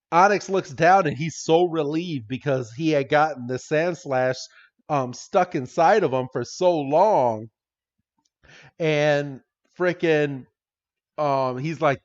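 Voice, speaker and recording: Male podcast co-host, casual and rambling, swears freely, fairly high pitch, dull lo-fi mic. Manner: rambling, swears, laughs often, quotes characters in voices. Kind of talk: casual episode recap.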